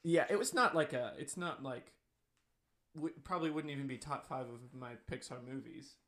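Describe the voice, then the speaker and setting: A man's voice: a little high, moderate pace, fairly bright tone. A young man co-hosting a casual podcast chat, chatty and easily amused. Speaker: podcast co-host.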